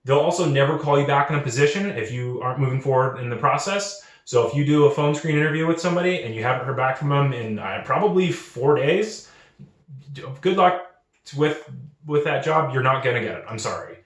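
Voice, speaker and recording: A young man talks in a casual, earnest way, restarting his sentences and repeating himself for emphasis. His pitch sits in the middle. The room is hard-walled and echoes around him. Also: a little fast. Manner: acts out quoted recruiters in lively voices. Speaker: channel host. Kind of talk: casual advice monologue.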